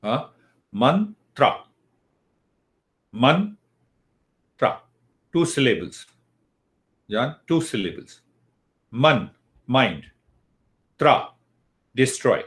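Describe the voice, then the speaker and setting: A man's voice: medium pitch, big pitch swings, a bit bright. An older man teaching a yoga philosophy lesson, who asks questions and answers them himself. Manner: slow and deliberate, asks and answers his own questions.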